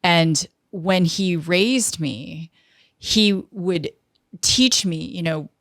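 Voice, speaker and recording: A woman in her fifties, a guest in an interview, telling a lively story and acting out what others said. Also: on the low side, very slow, no room sound, studio quality. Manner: lively storyteller who acts out quoted dialogue. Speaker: interview guest, tech entrepreneur.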